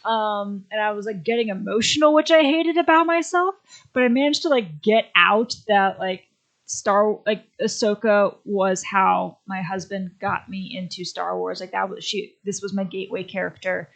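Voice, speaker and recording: A young adult woman telling a friendly, excitable story about meeting a favorite star in casual chat. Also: medium pitch, moderate pace, creaky. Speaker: podcast guest.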